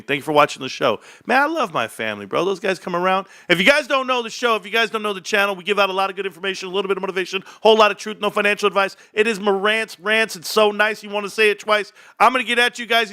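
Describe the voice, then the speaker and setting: A man hosting a live stream in casual chat, excitable and giving shout-outs to viewers. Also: high voice, fast talker. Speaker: livestream host.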